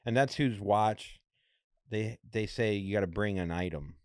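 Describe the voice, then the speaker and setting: Low-voiced man telling a jokey story. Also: unhurried, clean tone, no echo, clean studio sound. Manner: animated, jokey, acts out quotes in other voices. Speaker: podcast co-host. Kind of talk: casual comedic storytelling.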